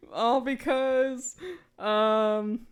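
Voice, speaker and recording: A young woman co-hosts a casual podcast chat. She tells stories in an animated, lively way. She sounds at ease with her friends. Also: a little high, drawn-out words, crowd noise. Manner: animated storytelling. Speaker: podcast host.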